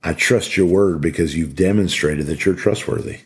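A man's voice: low voice, normal speed, husky. A middle-aged man giving an earnest, emphatic motivational talk to fellow officers, repeating his key phrases. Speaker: podcast host speaking to corrections officers.

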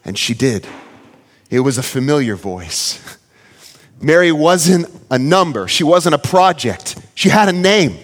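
Animated male pastor in a reverberant hall. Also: a little high, a little slow. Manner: earnest storytelling, animated when quoting his child. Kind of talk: sermon.

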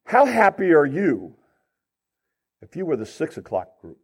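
A male pastor preaching a sermon in an animated way, asking his listeners rhetorical questions. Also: on the high side, unhurried, husky.

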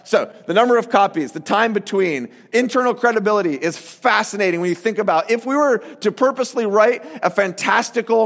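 A man preaching a sermon as a pastor, animated and conversational, acting out quoted voices. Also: sits high. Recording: reverberant hall.

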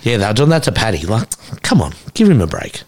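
Animated, sweary bloke. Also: male voice, lowish voice, a little fast. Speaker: podcast co-host. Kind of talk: casual chat.

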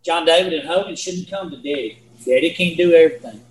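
A man's voice: fairly high pitch, a little fast, roomy sound, a little hiss or hum, rough recording. A man teaching a Bible lesson in a folksy, earnest way, repeating himself and asking his listeners questions. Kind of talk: sermon.

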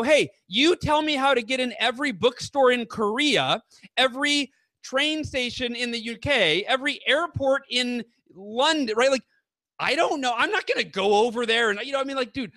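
A man's voice: very high voice, animated, moderate pace, bright, forceful tone, no echo. A man as an author guest in an interview, telling stories with rambling enthusiasm. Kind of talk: casual interview chat.

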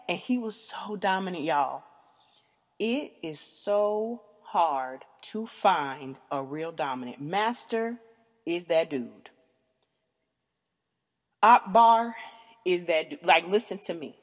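A woman hosting a podcast, telling a candid story in an animated, emphatic way, swearing freely and calling out to her listeners. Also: medium pitch, big-room sound. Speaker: podcast host.

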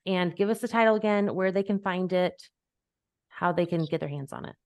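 Woman, podcast host, life coach, animated, chatty, low voice. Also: fairly quick, no room sound. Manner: animated, acts out quoted voices; laughs easily. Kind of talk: casual conversational chat.

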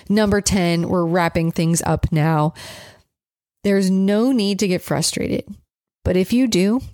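A woman's voice: on the low side, darkish tone, no room sound, studio quality. A woman dog trainer giving casual coaching advice, chatty and direct, often checking in with "right?". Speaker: dog trainer, podcast host.

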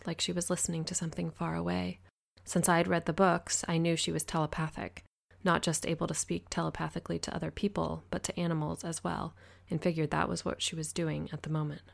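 A woman narrating an audiobook in the first person, with a low voice. Her reading is even and measured, with a gravelly fry running through it.

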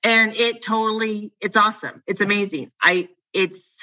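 A chatty woman with a bright, forceful voice talks in a loose, rambling way and laughs often. The sound is a little dull and lo-fi. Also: medium pitch, fairly even intonation, normal speed. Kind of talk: casual chat.

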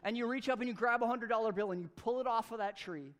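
Male pastor, high-pitched voice, energetic conversational sermon, church service. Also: fast. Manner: energetic, conversational preaching with playful asides.

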